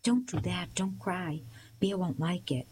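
A woman voicing an eager, tender-hearted young girl who asks excited questions. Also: fairly low pitch, measured pace, slight background noise, natural voice. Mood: soothing.

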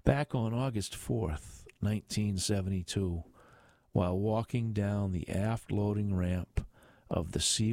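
An older man narrating a memoir audiobook in a measured, reflective way. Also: on the low side, a little mellow, no echo.

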